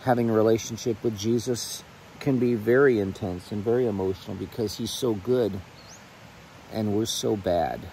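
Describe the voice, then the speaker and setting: Gravelly low-voiced middle-aged man, earnest. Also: mellow, slight background noise, low-quality recording. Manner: earnest and emotional, with pauses and restarts. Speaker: channel host. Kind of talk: heartfelt prayer and casual talk to camera. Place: outdoors on rural land.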